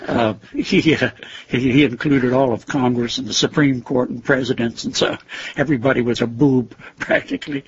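Very husky older man recalling stories. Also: medium pitch. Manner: halting storyteller, frequent fillers and chuckles. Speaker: guest, former teacher. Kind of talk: reminiscing interview. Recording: dull lo-fi recording.

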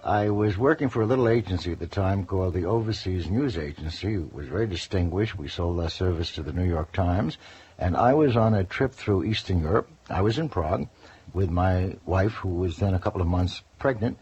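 An older man, a former news correspondent, telling lively anecdotes in an interview and acting out the quotes. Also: low voice, fairly quick, a little hiss or hum. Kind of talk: storytelling interview. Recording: dull lo-fi radio recording.

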